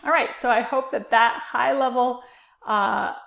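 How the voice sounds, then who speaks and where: A woman's voice: a little high, steady tone, unhurried, creaky, a bit bright, roomy sound, highs cut off. A woman teacher giving a recorded lecture, explaining with frequent uh and um fillers. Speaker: literature teacher.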